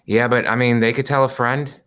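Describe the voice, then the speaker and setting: A man chatting on a comedy podcast, spinning stories and slipping into the voices of the people he describes. His pitch sits in an ordinary middle range, and he talks loosely, with plenty of "like" and "you know". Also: level tone, a little fast, fairly bright tone. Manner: storytelling, acts out quoted people. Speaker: podcast co-host. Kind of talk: casual comedic chat.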